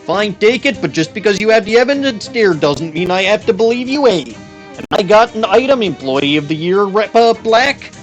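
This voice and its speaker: A man's voice: high-pitched, lively intonation, normal speed, highs cut off, soft background music, voice pushed up. A man voicing a folksy, stubborn Canadian braggart with a put-on Canadian accent, ending every sentence with "there, eh?". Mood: hammy folksy. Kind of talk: comic game-stream voice.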